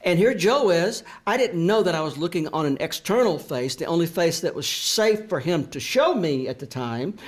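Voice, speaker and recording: An older man speaks in a slightly raised pitch. He is an author sharing a personal story, reflective and earnest. His delivery is confessional and unhurried in thought. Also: animated. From American South. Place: library event room.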